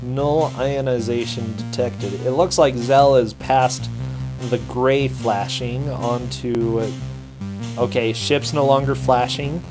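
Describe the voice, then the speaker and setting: A man commentating a live game race casually, reacting with quick exclamations. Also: mid-range voice, fairly even intonation, rough recording. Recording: faint game music behind.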